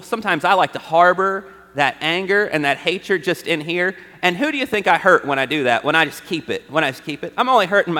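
A man's voice: fairly high pitch, bright, forceful tone. A man preaching a conversational sermon to a congregation, often checking in with his listeners with "right?". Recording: long hall reverb.

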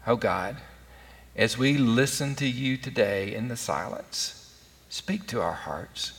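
A male pastor delivering a relaxed, conversational sermon, leaning on rhetorical questions and small fillers. He speaks at an unhurried pace in a mid-range voice. The live broadcast carries the long reverb of a church sanctuary. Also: mid-range voice.

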